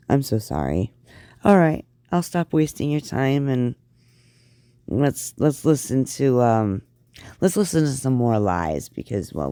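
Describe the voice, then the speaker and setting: Middle-aged woman host, slow, gravelly, scornful reaction commentary. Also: rumbling low, dark tone, no echo, studio quality. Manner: blunt, scornful, rambling asides.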